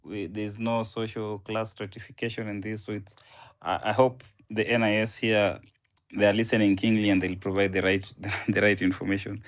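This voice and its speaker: A man's voice: on the low side, level tone, moderate pace. Man moderating an audio space.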